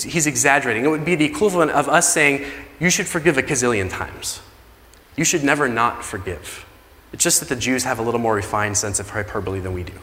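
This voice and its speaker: A man's voice: medium pitch, pushed and bright. A male pastor preaching a conversational sermon, acting out the pleas in the story he tells. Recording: long reverb of a large hall.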